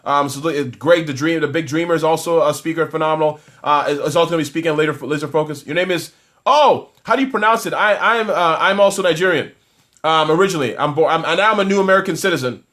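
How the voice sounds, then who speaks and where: A man coaching small businesses on a live stream. His voice sits a little high and he talks energetically, reacting to viewer comments with frequent false starts. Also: quick pace. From Toronto, Canada. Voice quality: energetic, talkative, many restarts.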